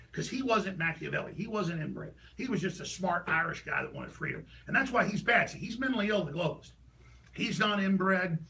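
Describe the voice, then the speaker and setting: A middle-aged man hosting a talk show, delivering a heated political rant that swings between loud outbursts and low mutters. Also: vocal fry.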